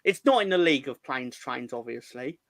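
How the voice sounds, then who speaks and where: A man's voice: medium pitch, animated, a little fast, fairly bright tone, no room sound. A man co-hosting a podcast in casual chat, talking in a rambling, jokey and crude way. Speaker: podcast co-host.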